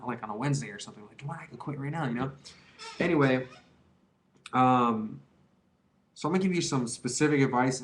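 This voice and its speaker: A young man in his twenties talks straight into the camera, rambling and looping back on his points. His speech is casual and slangy but earnest, the way a friend gives blunt advice. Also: medium pitch. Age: 20s. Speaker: vlogger giving advice on quitting.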